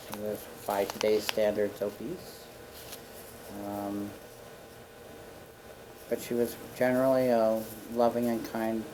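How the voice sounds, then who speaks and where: A man guest on a community talk show, telling anecdotes in a playful, animated way. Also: fairly low pitch, a little hiss or hum, poor audio. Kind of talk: storytelling on a local talk show. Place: community studio.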